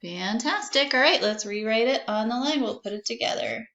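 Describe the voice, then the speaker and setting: A woman teaching a phonics lesson to young children, slowly sounding out words letter by letter and encouraging them to repeat. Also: fairly high pitch, animated, a bit bright, dull audio.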